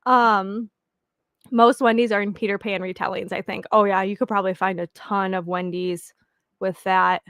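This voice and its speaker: A woman's voice: mid-range voice, little pitch movement, moderate pace, fairly bright tone, smooth, no room sound, studio quality. A young woman chatting casually with viewers as the host of a reading sprint stream, rambling and giggling with lots of fillers.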